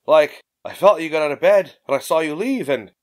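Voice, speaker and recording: A man's voice: on the high side, lively intonation, brisk, natural voice. A frightened young princess who stammers and trips over her words, as a male narrator puts her on. Her voice is raised and wavers widely. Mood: anxious. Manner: stammering, nervous.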